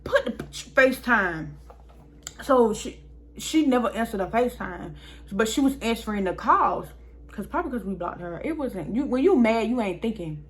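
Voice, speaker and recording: A woman's voice: fairly high pitch, expressive, normal speed. A young woman vlogger telling a story in a casual, chatty way, talking straight to her viewers.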